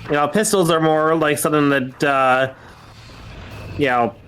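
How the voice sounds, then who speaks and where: A man's voice: on the high side, measured pace, fairly bright tone, soft background music. Stammering man hosting a game stream. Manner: hesitant, many fillers and restarts. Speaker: streamer host. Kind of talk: casual gaming stream chat.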